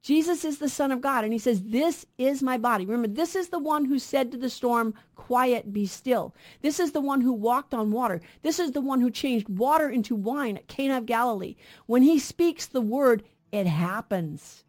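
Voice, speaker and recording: A woman's voice: fairly high pitch, moderate pace, few pauses, darkish tone. A middle-aged woman co-hosting a radio Bible program, teaching earnestly and asking rhetorical questions.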